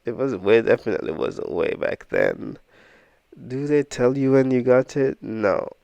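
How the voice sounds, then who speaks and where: Man, casual rambling portfolio talk, smooth resonant tone, dry room. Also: mid-range voice, wildly swooping pitch, unhurried, a little mellow, no room sound, dull audio. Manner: rambling, self-deprecating, thinking aloud with frequent "I don't know". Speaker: investing vlogger.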